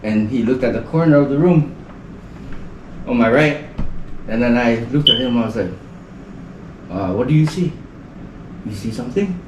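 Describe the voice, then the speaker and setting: With lively intonation, a moderate pace, and frequent pauses, a medium-pitched male guest from the Northern Mariana Islands rambles through a story on a casual podcast. He uses "like" heavily as filler. The sound is roomy from a distant mic, with a noisy background.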